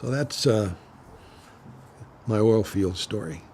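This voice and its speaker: A man's voice: fairly low pitch, slow, darkish tone, slight background noise. Older man telling rambling stories. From Oklahoma. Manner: rambling anecdotes with restarts and throat clearing. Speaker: retired forest supervisor interviewee. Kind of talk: oral history storytelling.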